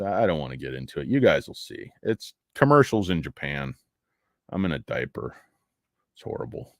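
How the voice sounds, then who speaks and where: A man's voice: low voice, no echo, studio quality. A man hosting a casual stock livestream, rambling and joking sarcastically as he talks to his chat from his office. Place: home office.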